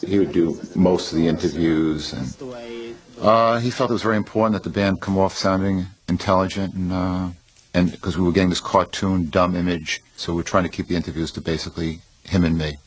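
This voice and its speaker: Very deep, matter-of-fact man. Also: steady tone, brisk, breathy edge, rough recording. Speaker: band member. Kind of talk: documentary interview.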